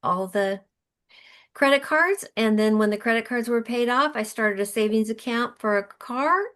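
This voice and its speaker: A woman's voice: on the high side, normal speed, fairly bright tone. A middle-aged woman, a podcast guest, telling her story in an earnest, emotional way with frequent restarts. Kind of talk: conversational storytelling.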